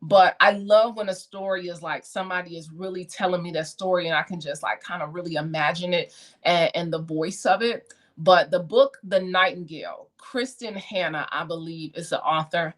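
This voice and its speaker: A woman hosting a casual livestream, talking about books she read in a chatty, animated way. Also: lowish voice, normal speed. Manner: chatty, animated, laughs often. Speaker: host.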